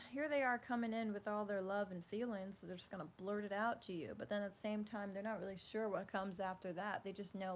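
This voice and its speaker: A woman giving a casual tarot reading at home, rambling and animated, full of fillers. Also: mid-range voice. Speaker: tarot reader. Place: home room with a fan running. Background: faint fan hum.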